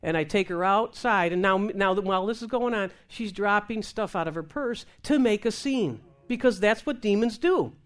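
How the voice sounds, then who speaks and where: A woman minister telling a lively testimony in conversation, acting out the voices of the people in her story and laughing as she goes. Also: medium pitch, moderate pace, hardly any pauses. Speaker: Christian minister. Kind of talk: testimony talk show conversation.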